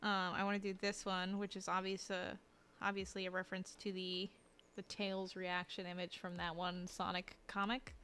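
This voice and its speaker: A woman streamer chatting casually while she draws, rambling and self-deprecating, with lots of fillers and restarts and a habit of dropping to a low mutter as she works. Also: completely flat delivery, normal speed, fairly bright tone, a little hiss or hum. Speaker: streamer and artist. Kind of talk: casual live-stream chat while drawing.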